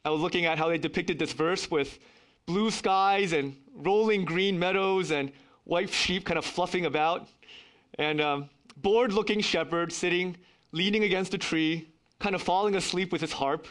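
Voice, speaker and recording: A man's voice: sits high, moderate pace, a bit bright. A middle-aged man preaching a sermon as pastor, earnest and emphatic, with wry asides.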